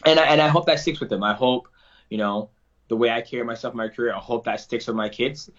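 A man's voice: medium pitch, fairly even intonation, fast. Casting: earnest male interview guest, casual and rambling, a little lo-fi.

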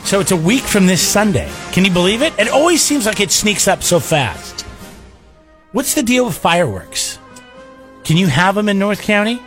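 Lively, animated male radio host. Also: sits high, normal speed, soft background music. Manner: animated, breaks into comic put-on voices. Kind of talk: casual on-air banter. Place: radio studio. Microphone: studio microphone.

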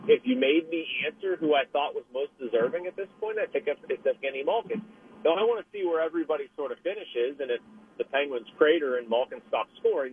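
Man, hockey reporter, radio guest, phoning in from a car, husky voice, tinny phone sound, chatty, restarts sentences. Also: on the high side. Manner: chatty, quick to laugh, restarts his sentences. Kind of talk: casual analytical chat. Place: driving in a car. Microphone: phone call.

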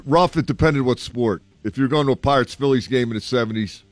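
A man's voice: medium pitch, quick pace, no echo, faint music behind. A man from Philadelphia co-hosting a radio show, making dry wisecracks. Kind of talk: casual radio chat.

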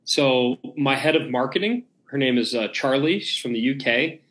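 Man, mid-pitched voice, playful co-host, animated anecdotes. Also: moderate pace. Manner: joking, animated storyteller. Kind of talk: casual chat.

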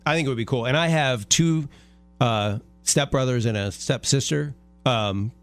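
A man's voice: mid-range voice, moderate pace, soft background music. A man co-hosting a talk show in a playful, joking casual chat.

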